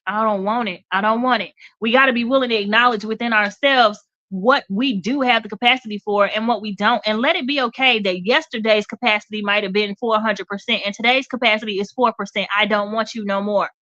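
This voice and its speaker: Direct talk show lady, bright and forceful, keeps asking okay?, dry dull audio. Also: fairly high pitch, steady tone, fairly quick, hardly any pauses, no echo. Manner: direct, emphatic, checks in with "okay?". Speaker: radio talk show host. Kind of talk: motivational talk.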